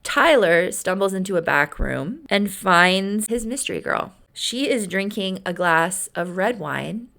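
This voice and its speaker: A woman's voice: medium pitch, animated, a little slow, gravelly, hardly any pauses, fairly bright tone. A woman host and author casually retelling an old story of hers, chatty and self-mocking.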